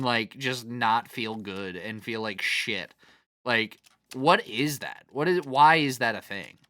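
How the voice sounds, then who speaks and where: A man's voice: mid-range voice, bright, forceful tone, dry recording. A man streaming a game, chatting casually in a rambling, profane way, laughing often and reading out chat comments. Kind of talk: casual chat while gaming.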